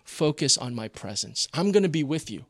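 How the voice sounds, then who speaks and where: A man voicing God as a calm, reassuring divine presence, speaking slowly and softly. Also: a little high, dry recording, studio quality, pitched below the performer's own voice. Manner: slow, soft, solemn.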